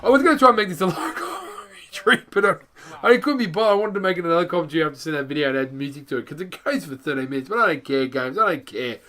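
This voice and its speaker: Fast-talking excitable gamer man. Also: a little high. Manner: rambling, blunt, excitable. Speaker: gaming YouTuber. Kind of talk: casual gameplay commentary.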